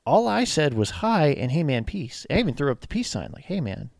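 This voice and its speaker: Animated police officer podcast host. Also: male voice, on the high side, fairly quick, creaky, no room sound. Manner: animated storyteller, acts out quotes. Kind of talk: casual podcast chat.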